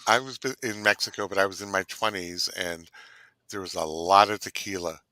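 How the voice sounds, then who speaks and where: A middle-aged man with a low, bright and forceful voice chats on a cooking live stream. He teases and laughs a lot. The sound is close and dry. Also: fairly even intonation, normal speed, no room sound. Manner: playful, teasing, laughs often. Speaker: cooking show co-host. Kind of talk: casual live-stream chat. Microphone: computer mic.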